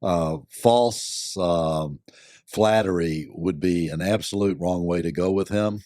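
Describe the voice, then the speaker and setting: An older man, a company board member and lawyer, giving measured, thoughtful answers with many pauses and fillers. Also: low-pitched, darkish tone, no echo, clean studio sound. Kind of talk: reflective interview answers.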